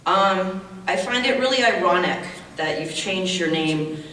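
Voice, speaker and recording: A woman's voice: fairly low pitch, lively intonation, unhurried, a bit bright. A woman in her forties from the United States gives an indignant, emotional public comment at a hearing, repeating her points. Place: large public meeting hall. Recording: echoey hall, distant mic, faint noise.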